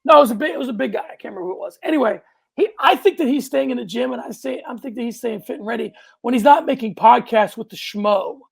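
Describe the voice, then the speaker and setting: Gravelly, animated male podcast co-host. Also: very high-pitched, fast. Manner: animated, loud outbursts, rambling restarts. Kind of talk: casual sports podcast chat.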